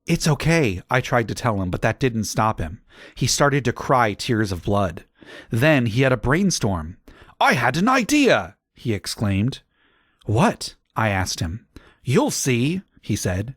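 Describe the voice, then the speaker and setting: A man narrating a comedic audiobook in a deadpan manner, with dry asides. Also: mid-range voice, a little slow, no echo.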